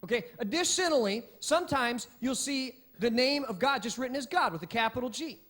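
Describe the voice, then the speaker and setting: A man preaching a sermon as pastor, in a lively, conversational way with frequent restarts. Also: very high-pitched, brisk.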